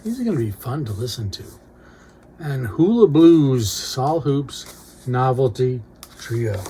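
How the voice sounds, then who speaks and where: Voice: medium pitch, big pitch swings, a little slow, darkish tone, slight background noise. A record collector casually talking through an unboxing, reading out record titles with brief remarks on each.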